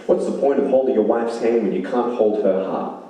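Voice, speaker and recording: A man's voice: medium pitch, normal speed, dark tone, slight background noise. A man giving an inspirational speech, emphatic, repeating lines for effect. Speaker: motivational speaker. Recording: very echoey hall, mic far off.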